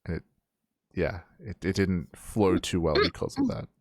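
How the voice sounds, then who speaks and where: A man's voice: low voice, expressive, moderate pace, dry recording, studio quality. A man co-hosting a show review podcast, talking in a rambling casual way with many restarts. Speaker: podcast co-host.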